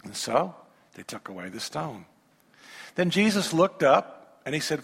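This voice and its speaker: Male pastor, high voice, animated sermon, rhetorical questions, joking asides, long hall reverb. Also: unhurried, vocal fry, pauses often, breathy edge. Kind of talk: sermon with scripture reading.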